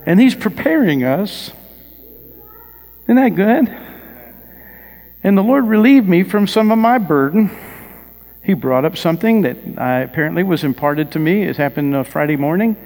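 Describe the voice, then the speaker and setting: A male pastor preaches a sermon, telling personal stories with rising emphasis and asking the congregation questions. His voice sits high with vocal fry and a darkish tone, carried by the long reverb of a large hall.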